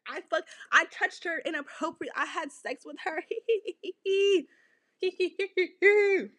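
A woman doing a sassy gossipy dude, high squeaky voice, giggly and showy. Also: normal speed, bright, forceful tone. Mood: mocking. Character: sassy gossipy young man, showing off.

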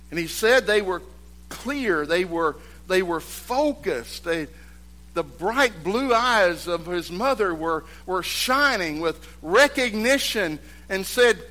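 A male preacher with a bright, forceful tone and a fairly high voice. He delivers his sermon slowly and deliberately. He rises to loud exhortation, then drops to a near-hush to tell a story. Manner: swings from loud, emphatic exhortation to hushed storytelling.

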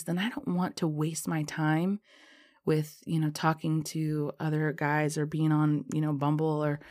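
Low-voiced woman telling a chatty story. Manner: chatty, lots of fillers like "um" and "you know"; lively, acts out dialogue in her story. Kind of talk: casual personal storytelling.

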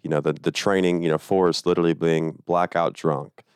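A man's voice: deep voice, steady tone, a little fast, smooth, dry recording, studio quality. A young man with a Southern US accent, rambling through stories in casual chat with sarcastic asides. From American South.

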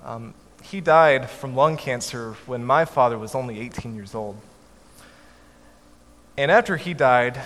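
A man telling a family story to an audience in a measured way, with his voice dropping softly at the ends of lines. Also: mid-range voice. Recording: echoey hall, faint background noise.

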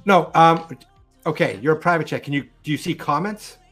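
A man's voice: a little high, moderate pace, a bit bright, faint music behind. A man co-hosting a live stream, chatting loosely with ums and restarts. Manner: rambling, full of ums and restarts. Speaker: co-host of a live wrestling show. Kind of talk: casual chat.

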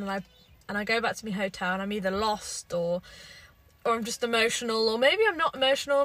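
A woman's voice: on the high side, rough recording. A young woman with an English accent, chatting and rambling through stories as a podcast host while sitting in a parked car. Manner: chatty and rambling, lively storytelling. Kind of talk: casual chat.

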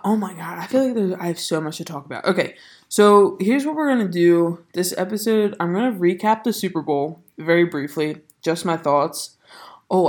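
A young woman from the Baltimore area hosting a casual podcast, stuffy and nasal, rambling excitedly and swearing casually. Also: lowish voice. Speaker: podcast host. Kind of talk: casual chat. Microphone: studio mic.

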